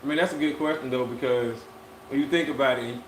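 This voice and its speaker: A man's voice: medium pitch, a little hiss or hum. Laid-back man in an echoey room. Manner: laid-back, drawn-out, repeats phrases. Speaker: podcast co-host. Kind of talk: casual live-stream chat. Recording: echoey room with faint ambience.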